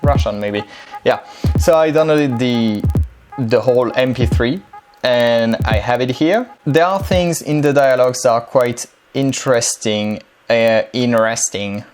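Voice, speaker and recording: A man's voice: medium pitch, unhurried, soft background music. Man explaining a tutorial. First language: French. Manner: relaxed, chatty explaining with frequent um and uh. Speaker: language-learning tutor. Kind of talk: casual screen-share tutorial.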